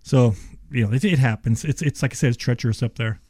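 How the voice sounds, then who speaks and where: A man's voice: medium pitch, fast, darkish tone, slightly rough, dry recording, studio quality. A middle-aged contractor man telling rambling work stories as a radio guest, full of quoted dialogue. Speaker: attic service contractor guest. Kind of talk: casual storytelling on radio.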